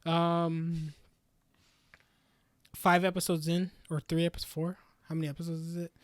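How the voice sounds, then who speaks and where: High-voiced slangy young man. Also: normal speed, no echo, clean studio sound. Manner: animated, slangy, acts out characters' lines. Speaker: podcast co-host. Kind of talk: casual chat reviewing anime.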